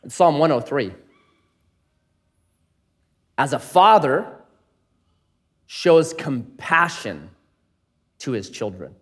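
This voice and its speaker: Middle-aged male pastor, high and highly expressive, animated sermon delivery that drops to a hush. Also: takes it slowly, long pauses. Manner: animated, swings from loud playful to hushed earnest.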